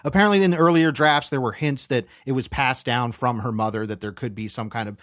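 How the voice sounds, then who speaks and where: A man co-hosting a movie podcast in casual chat, retelling scenes with lively quoted character lines. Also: medium pitch, fast, no echo, clean studio sound. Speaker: podcast co-host.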